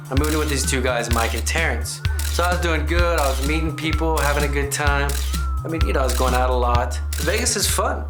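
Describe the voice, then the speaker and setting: Rambling man telling a funny story. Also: medium pitch. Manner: rambling, chatty, full of asides and digressions. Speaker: host and narrator of a comedy reenactment show. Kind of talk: comedic first-person storytelling.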